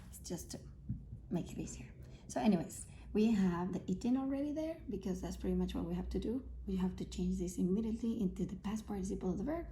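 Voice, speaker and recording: A woman's voice: medium pitch, fast, few pauses, warm tone, a little hiss or hum. A woman teaching English grammar, explaining patiently, repeating key points and checking in with her students. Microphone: self-filmed camera.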